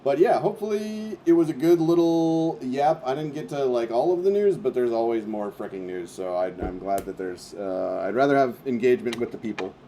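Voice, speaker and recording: A man's voice: medium pitch, lively intonation, brisk, few pauses, dark tone, a little hiss or hum. A man hosting a casual livestream meetup, wrapping up in a loose, rambling way with lots of fillers and slang. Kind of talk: casual livestream wrap-up chat.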